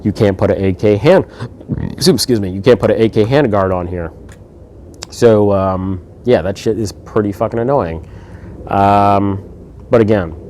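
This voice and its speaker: Deep, mellow-voiced man reviewing guns. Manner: laid-back, profane, lots of ums and uhs. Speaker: firearms reviewer. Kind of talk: casual product review.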